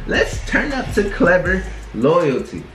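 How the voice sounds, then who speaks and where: Young man, reaction host, slangy laid-back talk, fairly high voice, echoey room, faint music underneath. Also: wildly swooping pitch, slow. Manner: slangy and laid-back, sprinkling in "bro" and "bruh". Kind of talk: casual reaction commentary. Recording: roomy echo with faint music. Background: faint music from the video being reacted to.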